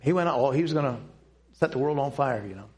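An older man telling a personal testimony to a church audience, speaking in an earnest, halting way with pauses and restarts. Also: medium pitch, expressive, darkish tone. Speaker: Christian speaker giving a testimony.

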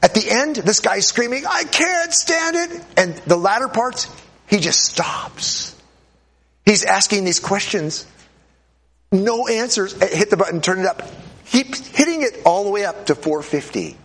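A man giving a classroom lecture to an audience, animated and urging, repeating himself as he runs a live demonstration and acts out voices. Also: sits high, unhurried.

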